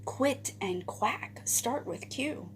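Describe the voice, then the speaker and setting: A woman voicing a shy, quiet little quail in a children's storybook, speaking softly and gently. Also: high-pitched, animated, extremely slow, slight background noise, heavily acted. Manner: soft-spoken, gentle.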